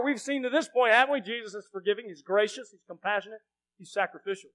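A male pastor preaching a sermon, dropping to a hush and then rising to shouts, often asking the congregation questions. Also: high voice, fast talker, rough recording. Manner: swings from hushed to shouting.

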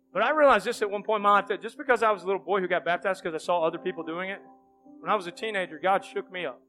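In a church sanctuary, a pastor with a high, sharp-toned voice leads an altar call at the end of his sermon. His earnest, pleading delivery builds into fervent prayer.

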